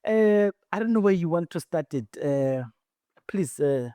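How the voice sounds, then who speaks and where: A South African man hosts a casual podcast interview, loose and chatty with frequent fillers. His voice is mellow and dark in tone. It is recorded close and dry. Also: fairly high pitch, expressive, a little slow, clear, resonant tone, no echo. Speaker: podcast host.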